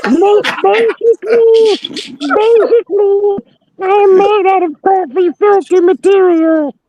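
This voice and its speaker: A very high, squeaky Elmo impression, drawn out slowly and mumbled so the words blur together. The tone is dark and muffled, and soft noise sits behind it. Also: male voice, exaggerated voice. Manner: mumbling, hard to understand. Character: Elmo, small furry red childlike monster. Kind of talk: comic voice impression.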